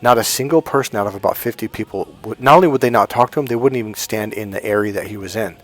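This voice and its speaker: A middle-aged dating coach tells his viewers a personal story, talking fast. He swings between loud bursts and low, quiet asides, swearing freely.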